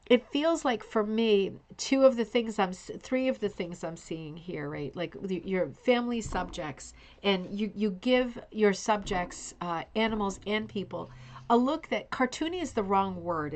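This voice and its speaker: A woman hosting a casual live online show, talking effusively and addressing viewers by name. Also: mid-range voice. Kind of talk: casual livestream commentary.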